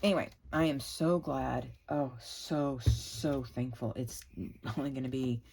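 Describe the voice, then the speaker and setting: A woman with a notably low voice chats her way through a crafting video, rambling, gushing and exclaiming while she works. Her talk is loose and homey, recorded with a faint hum of background noise. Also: measured pace, gravelly, darkish tone, low-quality recording. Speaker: crafting channel host. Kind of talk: chatty crafting vlog.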